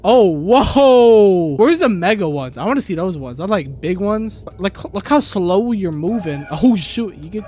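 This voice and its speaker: A young man giving casual, jumpy gameplay commentary, full of slang, gasps and exclamations. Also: a little high. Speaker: gaming video creator.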